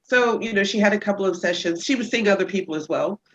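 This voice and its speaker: A woman chiropractor talking about her patients as a guest on a casual podcast interview, telling stories with lively energy. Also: fast, muffled recording, a little hiss or hum. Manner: lively storyteller who acts out patients in high voices.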